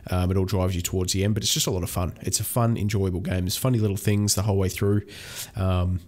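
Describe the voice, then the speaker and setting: Chatty low-voiced young man gaming. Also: steady tone, fast talker, a little mellow. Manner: rambling and chatty, with many fillers and restarts. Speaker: gaming channel host. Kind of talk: casual let's-play commentary.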